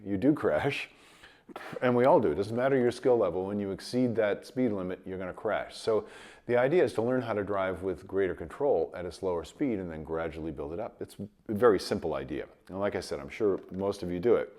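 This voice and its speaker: A man teaching trumpet in a casual video lesson, his voice a bit rough from a cold, explaining with light chuckles. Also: low-pitched, fairly quick. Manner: relaxed explaining with light chuckles, sings sample tones.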